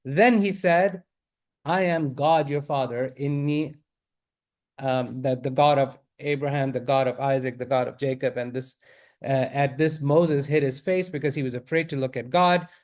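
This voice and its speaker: A man teaching a class in a mosque, reading Arabic verses rapidly and then explaining them. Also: mid-range voice, a little mellow.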